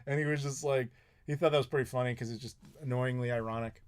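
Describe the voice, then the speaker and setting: Speaking fast in a steady, clean mid-range voice, a man in his thirties answers chat questions on a live stream from his Chicago home. He's rambling and chatty, laughing and cursing frequently.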